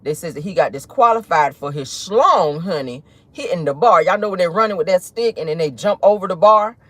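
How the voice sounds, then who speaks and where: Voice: medium pitch, animated, a little fast, fairly bright tone, no room sound. A gossip channel host chatting sassily while driving, swearing freely and calling viewers honey and y'all. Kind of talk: casual celebrity gossip chat. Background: faint road and car noise.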